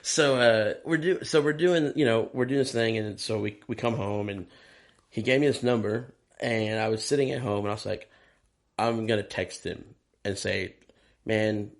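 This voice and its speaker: A man with a low, gravelly voice tells loose backstage stories as a guest drummer. He talks casually and curses often. He slips into the voices of the people in his stories. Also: normal speed. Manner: animated, profane, acts out quoted dialogue. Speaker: touring and session drummer, guest. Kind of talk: casual storytelling interview.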